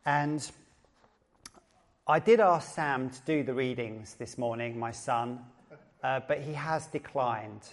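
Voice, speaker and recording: A man's voice: medium pitch, slow pace, pauses often. A middle-aged man with an Essex accent preaching a sermon as a pastor, chatty and joking, often repeating his phrases. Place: church service.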